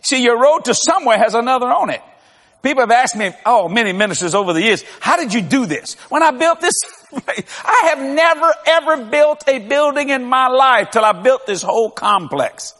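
An older man, a pastor, preaching with lively storytelling, acting out dialogue and laughing often. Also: very high voice, normal speed, in a large hall. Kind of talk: sermon.

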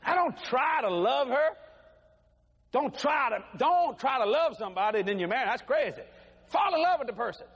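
An older preacher with a strikingly high voice delivers a folksy sermon, his pitch swinging up and down with every point. His voice rings through the long reverb of a large hall. A faint hiss sits in the background. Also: moderate pace, breathy edge, dull audio. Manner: folksy, animated preaching with acted quotes. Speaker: pastor. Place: church sanctuary. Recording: echoey hall, faint noise.

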